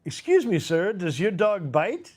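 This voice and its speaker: A man's voice: high-pitched, big pitch swings, unhurried, darkish tone, voice pushed up, exaggerated voice. A man putting on a prim, fussy inspector from a comedy film, retelling a classic scene. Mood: polite. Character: fussy inspector asking about a dog.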